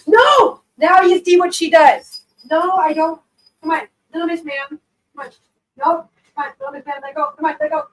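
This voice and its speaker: A woman's voice: sits high, moderate pace, rough recording. A woman hosting a casual live stream who chats with viewers, laughs often and coos baby talk at her cats.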